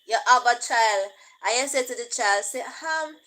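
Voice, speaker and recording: A woman's voice: on the high side, lively intonation, a little slow, pushed and bright, low-quality recording. A woman with a Jamaican accent talking casually, slipping between English and patois and often laughing. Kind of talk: casual monologue.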